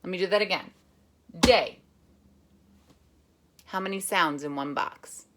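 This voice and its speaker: A woman teacher reading a picture book aloud with lively emphasis, then patiently explaining a rhythm lesson. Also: on the low side, fairly quick, background noise. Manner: animated, expressive reading with dramatic emphasis; patient, encouraging classroom explanation. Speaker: music teacher.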